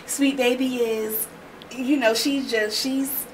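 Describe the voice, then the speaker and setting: A woman's voice: fairly high pitch, fairly even intonation, slow, a little hiss or hum, poor audio. A woman co-hosting a radio chat, hesitant and searching for words. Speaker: co-host.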